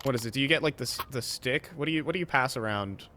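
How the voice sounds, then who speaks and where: A man calling a live esports match with quick, playful, teasing banter. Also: mid-range voice, bright, forceful tone, slight background noise. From North America. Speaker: esports commentator. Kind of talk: live play-by-play commentary.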